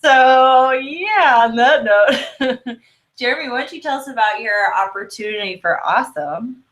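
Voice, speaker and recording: A woman's voice: on the high side, expressive, a little slow, a bit bright. Giggly, bubbly woman co-host. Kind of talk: casual chat. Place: home office, video call.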